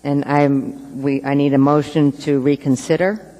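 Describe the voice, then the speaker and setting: A man's voice: a little high, flat delivery, a little slow, warm tone. A man speaking as an assembly member, explaining a procedural request in a hesitant way, with fillers and restarts. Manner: hesitant, with fillers and repeated attempts. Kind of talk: council floor remarks. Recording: reverberant council chamber.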